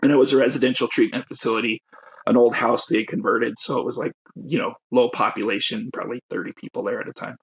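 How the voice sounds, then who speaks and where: A man's voice: medium pitch, steady tone, quick pace, gravelly, breathy edge. A man, a guest poet and educator, telling his personal story in a reflective, openly emotional way with self-conscious laughs.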